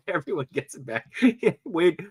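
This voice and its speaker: A male podcast host with a lively, swinging pitch who laughs easily between lines. His voice is dry and close to the mic. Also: takes it slowly, breathy edge, no echo. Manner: laughs often, reads out chat comments and gives shout-outs. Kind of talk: casual podcast chat.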